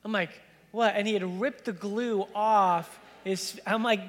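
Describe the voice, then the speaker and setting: A man's voice: high-pitched, fairly even intonation, slow, a bit bright, long reverb tail, slight background noise. A man in his thirties preaching a sermon as pastor, chatty and loose, full of fillers as he tells a family story. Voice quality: casual, filler-heavy storytelling with many "like"s. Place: church sanctuary.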